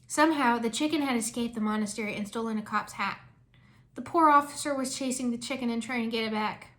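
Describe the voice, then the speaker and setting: A woman reads a fan fiction story aloud with lively storytelling. Her voice is bright and sits a little high. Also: quick pace.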